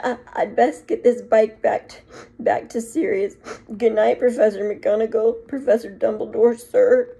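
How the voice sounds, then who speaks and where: A woman's voice: on the high side, steady tone, measured pace, gravelly, dark tone, husky, full character voice. A woman voicing a huge, shaggy, tender-hearted male half-giant who sobs and stammers as he talks. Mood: tearful. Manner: sobbing, stammering.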